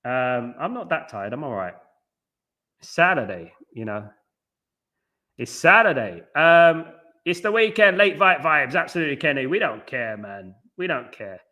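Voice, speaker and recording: A man's voice: on the high side, lively intonation, measured pace, bright, forceful tone. A man hosting a live football watchalong late at night from home, reading viewer comments aloud and answering them in a rambling, blunt and scornful way about the match. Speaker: watchalong host.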